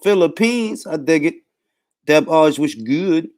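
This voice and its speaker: A man hosting a live boxing talk stream in casual, laid-back chat, shouting out viewers by name. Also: on the high side, lively intonation, takes it slowly.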